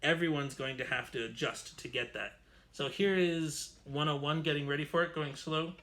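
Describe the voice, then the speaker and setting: A man's voice: fairly high pitch, moderate pace, bright, forceful tone, a little hiss or hum. A man teaching an online string orchestra lesson, chatty and explanatory, correcting himself as he goes. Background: violin playing.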